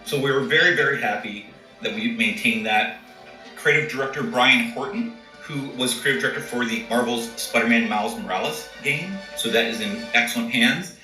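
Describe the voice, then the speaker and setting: A man's voice: medium pitch, moderate pace, pushed and bright, soft background music. A man, a game company executive, answering interview questions in an enthusiastic, promotional way. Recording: echoey, distant mic.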